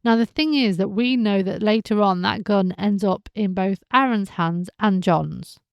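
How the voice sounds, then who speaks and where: Chatty woman recapping soaps, gravelly voice. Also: mid-range voice, unhurried, no room sound, clean studio sound. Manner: chatty, animated, acts out characters' lines. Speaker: podcast host. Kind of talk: casual soap recap.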